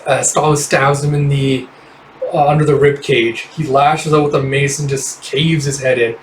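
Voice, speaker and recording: A man narrating a comic readthrough, excitable and reacting aloud with swearing as he goes. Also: mid-range voice, moderate pace. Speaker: reader. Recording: roomy, distant mic, faint hiss.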